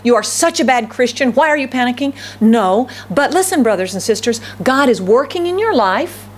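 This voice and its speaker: A woman pastor preaches to her congregation in an easy, conversational sermon style, tossing in rhetorical questions and tag questions as she goes. Her voice sits fairly high. When she quotes people's complaints, she acts them out in a raised voice, and a faint hum runs underneath.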